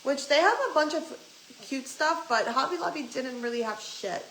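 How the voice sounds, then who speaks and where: A woman's voice: high-pitched, lively intonation, moderate pace, a bit bright. Ranting young woman vlogger, echoey room. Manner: ranting, swears freely, retells quotes. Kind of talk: casual storytime chat. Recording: echoey room, faint background noise.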